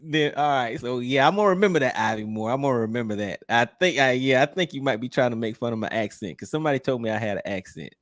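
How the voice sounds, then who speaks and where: A man hosts a casual livestream, reading out chat comments. His voice sits at an ordinary, middling pitch, and he talks in a relaxed, teasing manner with frequent laughs. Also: fast, hardly any pauses. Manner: easygoing, laughs often, teasing. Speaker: livestream host.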